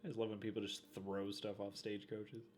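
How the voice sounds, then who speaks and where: A man's voice: lowish voice, little pitch movement, a little fast, a little mellow, slight background noise. A man co-hosting a casual movie watch-along, joking, laughing often and reading the title cards aloud in hammy voices. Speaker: co-host of a movie reaction channel.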